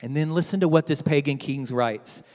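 A man preaching a sermon to his church, dramatic and swinging from loud to hushed. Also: fairly high pitch, moderate pace, big-room sound. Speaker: pastor.

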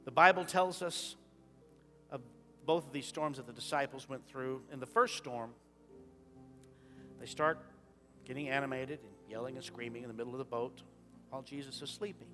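A man preaching a sermon as pastor, shifting from quiet talk into sudden loud impassioned rises. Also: medium pitch, normal speed, pauses often, faint music behind. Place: church sanctuary.

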